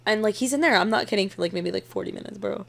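A woman's voice: medium pitch, rapid-fire, creaky. A young woman co-hosting a podcast, chatting casually and telling rambling, profane stories with lots of laughter. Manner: profane, giggly, rambling storyteller. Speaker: podcast co-host. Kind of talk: casual chat.

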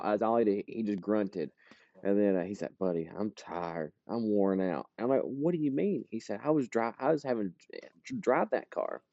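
A man's voice: fairly low pitch, dark tone. A man, co-hosting a podcast and telling a story in a rambling way, stumbling and restarting his words. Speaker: podcast co-host. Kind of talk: casual storytelling chat. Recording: dull lo-fi podcast audio.

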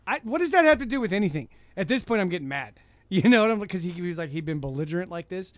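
A man, telling rideshare stories fast, laughing and swearing in casual chat. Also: high voice, lively intonation, no echo. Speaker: rideshare driver.

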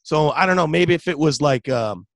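A young man, a radio host, chatting casually in an interview, relaxed and full of "dude" and "like". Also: a little high, normal speed, no room sound. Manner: laid-back, chatty, says "dude" and "like" often. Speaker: radio host and metal vocalist.

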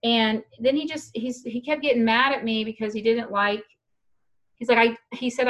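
A woman's voice: fairly high pitch, fairly even intonation, normal speed, a bit bright. A young adult woman telling a long, frank, rambling story in casual chat, laughing now and then. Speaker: guest storyteller.

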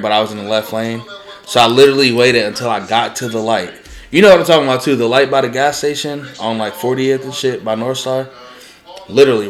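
A young man chats loosely on a podcast, his voice sitting at an ordinary middle pitch. He swears freely and trades jokey threats and teasing with his co-host. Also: fairly bright tone. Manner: profane, joking trash talk. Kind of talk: casual chat.

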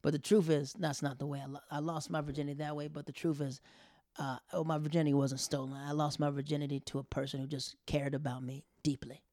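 A young man casually telling a personal story, acting out quoted lines with sudden loud high bursts and dropping to near whispers for embarrassed asides. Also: little pitch movement, fast talker, no echo, studio quality.

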